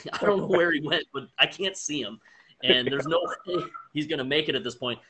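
A man hosting a casual interview, telling stories in a lively way and laughing often. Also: a little high, normal speed, a little hiss or hum, rough recording. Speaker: host.

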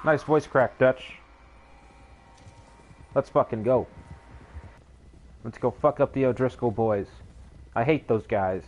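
Brief: young male gamer, mid pitch, crude jokey running commentary. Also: slow, long pauses, dull audio. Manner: profane, joking. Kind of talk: casual let's play commentary.

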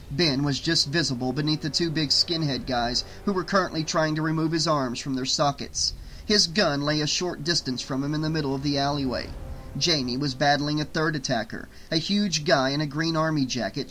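A man reading a novel aloud as an audiobook narrator, at a steady, even pace. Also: on the high side, a little hiss or hum, rough recording. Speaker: audiobook reader.

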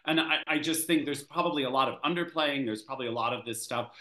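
A man co-hosts a podcast in a bright, forward voice. He talks with animation and acts out the people he quotes. The sound carries a roomy echo. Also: medium pitch, quick pace. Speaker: podcast co-host, former skater. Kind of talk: podcast discussion.

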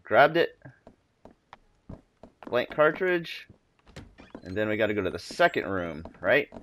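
A man's voice: fairly low pitch, sing-song, slow, a bit bright, a little hiss or hum. A young man giving casual, chatty commentary on a video game, wondering aloud as he plays.

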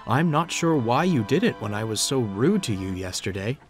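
A man's voice: mid-range voice, sing-song, moderate pace, faint music behind, lightly acted. A man voicing an impatient young male tank engine in a storybook reading, grumbling and sulky. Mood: grateful. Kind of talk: storybook narration.

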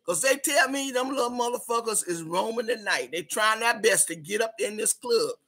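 A woman playing a loud, brassy big woman who hosts a party club, hollering her welcomes and slightly out of breath. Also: a little high, lively intonation, breathy edge. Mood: bossy. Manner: hollering, drawn-out, Southern-style slang. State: a little out of breath. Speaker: host. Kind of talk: comedic character monologue.

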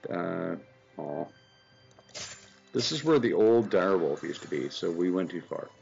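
A man's voice: low voice, expressive, measured pace, gravelly, a little mellow, breathy edge. A man hosting a casual gaming session, rambling and stammering between laughs. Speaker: gaming channel host. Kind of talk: casual gameplay chat. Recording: lo-fi voice chat with game music.

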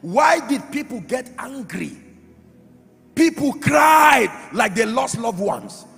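A man preaching a sermon as pastor, emphatic, swinging from loud shouts to quiet drops. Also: very high voice, sing-song, slow pace, creaky. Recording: reverberant hall with faint music.

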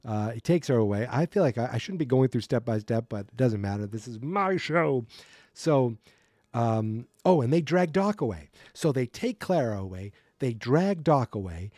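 A man's voice: medium pitch, expressive, normal speed, hardly any pauses, mellow, dry recording, clean studio sound. A man hosting a podcast, recapping a cartoon episode alone in a rambling, casual way with wry asides and frequent self-corrections. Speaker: podcast host.

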